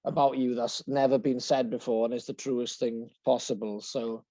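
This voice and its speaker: A man's voice: medium pitch, flat delivery, normal speed, warm tone. A male podcast host speaking earnestly and steadily as he wraps up an interview. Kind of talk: interview wrap-up. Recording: dull, dry lo-fi sound.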